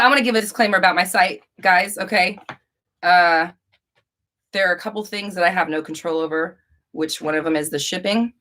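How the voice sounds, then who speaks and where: A woman's voice: fairly low pitch, fairly bright tone. A young woman hosting a live Q&A stream, rambling and casual with frequent restarts and swearing. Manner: rambling, profane, chatty with restarts. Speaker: livestream host.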